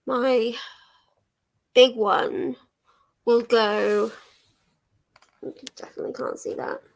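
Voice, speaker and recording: A young woman chatting casually on a livestream from her living room, laughing often and swearing lightly as she answers viewers. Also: a little high. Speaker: livestream host. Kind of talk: casual chat while reading chat aloud.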